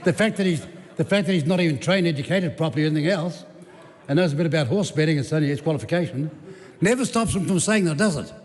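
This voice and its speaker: A man's voice: a little high, quick pace, a little mellow. A man giving a combative, sarcastic parliamentary debate speech as a government minister. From New Zealand. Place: large parliamentary debating chamber. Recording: echoey debating chamber.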